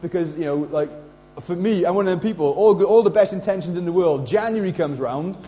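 A middle-aged man preaching a sermon in a casual, animated way, slipping into acted quotes. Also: high-pitched, fairly quick, rough recording. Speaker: pastor.

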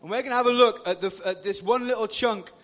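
A man in his forties giving an informal, lively youth sermon into a PA microphone in a meeting hall, sometimes breaking into shouts. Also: sits high, quick pace. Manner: chatty, lively, bursts into shouting. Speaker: youth speaker.

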